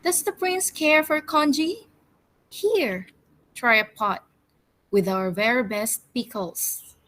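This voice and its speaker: Woman doing a proud rich mandarin host, grand and welcoming, slow. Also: fairly high pitch, fairly bright tone, rough recording.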